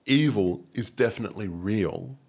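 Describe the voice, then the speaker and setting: A man with an Australian accent and a low, husky voice tells an emotional personal story as an interview guest. He talks in an earnest, animated way. He often repeats himself and restarts his sentences. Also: normal speed.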